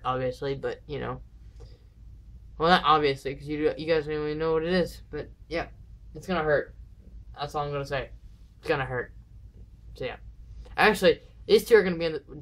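A vlogger chatting casually to camera at home, rambling and counting down nervously before each dare. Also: mid-range voice. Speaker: vlogger doing viewer dares. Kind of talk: casual vlog chat to camera. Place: indoors at home.

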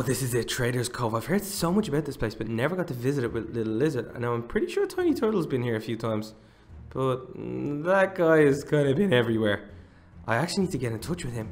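A man hosting a role-play game commentary, excitable and chatty, talking to his viewers and swinging from hushed asides to loud exclamations. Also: medium pitch, fairly quick. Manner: excitable, talks to viewers, jumps between hush and loud exclamations. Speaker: gaming channel host.

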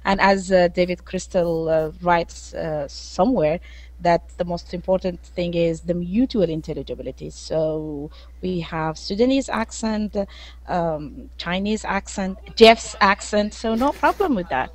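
A woman with a lowish voice joins an online discussion. She speaks earnestly, eagerly agreeing with others and filling her pauses with soft "uh"s. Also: dry recording. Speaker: participant. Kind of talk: casual video-call discussion.

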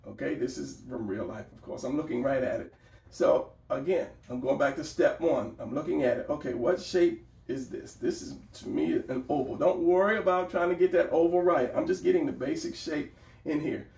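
Male art teacher, casual and encouraging, gravelly, recorded off-mic in an echoey room. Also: a little high, normal speed, darkish tone. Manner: encouraging, talks while sketching, repeats phrases. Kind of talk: casual drawing tutorial. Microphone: camera mic at a distance. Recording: roomy, distant camera mic.

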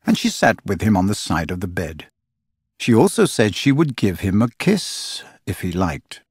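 Man narrating a storybook, husky voice, lively pitch swings, dry close sound, wry expressive reading. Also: moderate pace, no echo. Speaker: audiobook narrator.

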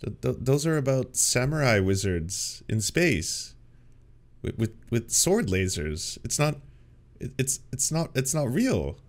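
A man's voice: mid-range voice, sing-song, a little slow. A man hosting a casual commentary, stammering and sarcastic as he reacts in exasperation. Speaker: host.

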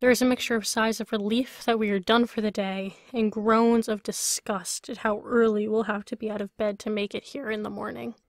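A woman author reading her own novel aloud in an even, first-person storytelling way. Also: medium pitch, brisk, hardly any pauses, no echo, studio quality. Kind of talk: audiobook narration.

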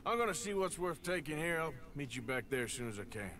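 A terse outlaw leader. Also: male voice, on the high side, big pitch swings, fast talker, a bit bright, a little hiss or hum. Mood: commanding. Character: weary middle-aged outlaw giving orders. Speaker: gang member in a western game.

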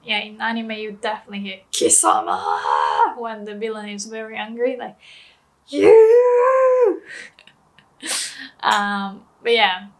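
A woman's voice: medium pitch, flat delivery, brisk, hardly any pauses, sharp tone. A young woman teaching a language lesson in a casual, playful way, laughing often and acting out example phrases.

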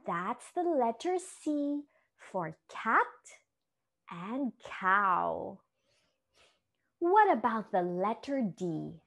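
A woman's voice: medium pitch, big pitch swings, extremely slow, gravelly, fairly bright tone. A woman from the Philippines leading a children's yoga class, giving encouraging, sing-song instructions and asking questions. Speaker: kids' yoga teacher.

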